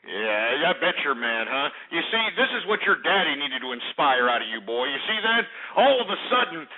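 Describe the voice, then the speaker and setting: Brief: high-voiced male talk radio host, swearing and mocking callers, tinny phone-like sound. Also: big pitch swings, normal speed. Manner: profane, bombastic, mocking. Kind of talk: ranting call-in radio talk.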